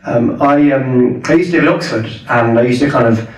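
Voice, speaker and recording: A man's voice: mid-range voice, a little fast, far from the mic. Scottish-born man talking in an echoey hall. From Scotland. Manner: thoughtful, conversational, many restarts and "you know"s. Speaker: guest speaker. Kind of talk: talk at a public rally. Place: hall at a public event.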